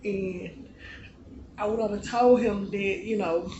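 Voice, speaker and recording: Late-twenties male vlogger, casual personal storytelling, soft and low-key, in an echoey room with steady background noise. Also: slow. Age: late 20s. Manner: relaxed, conversational, often drops to a soft, low-key delivery.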